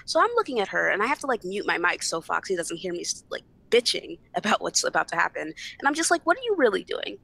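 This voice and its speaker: A woman's voice: lowish voice, very animated, quick pace, vocal fry, few pauses, pushed and bright. A young woman guest on a podcast, bluntly retelling a family argument with lots of swearing and acted-out dialogue. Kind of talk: casual storytelling chat.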